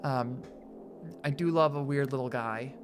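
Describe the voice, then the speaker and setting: A woman chatting casually on a live stream, excitable and swearing freely, cooing at her dog between thank-yous. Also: a bass voice, unhurried, over music.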